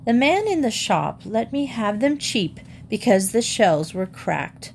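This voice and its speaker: A woman's voice: a little high, sing-song, a little slow, creaky, darkish tone, a little hiss or hum, voice pushed up, heavily acted. A woman reading aloud and voicing a small, polite young male bear who talks earnestly and eagerly.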